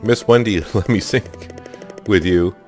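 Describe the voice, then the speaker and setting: A man reading aloud the lines of a friendly male robot companion in a game, in his own low voice. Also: a little slow, soft background music, natural voice. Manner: plain read-aloud, hardly voiced.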